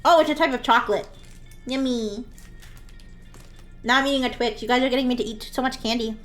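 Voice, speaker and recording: High-voiced giggly woman streamer. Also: brisk, a bit bright, soft background music. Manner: playful and giggly, laughs often; acts out a bratty daughter in jest. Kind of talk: casual live-stream chat while drawing.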